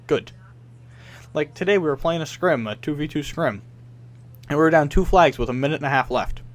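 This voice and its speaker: A man's voice: a little high, brisk. A young man co-hosting a casual gaming podcast, ranting in frustration, swearing often and mimicking other players. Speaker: podcast co-host.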